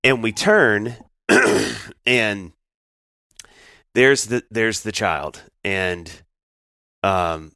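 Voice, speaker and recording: A man co-hosting a podcast, telling stories in a casual chat with an animated delivery and lots of restarts. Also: on the low side, extremely slow, pauses often, smooth, dry recording, clean studio sound. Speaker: podcast co-host.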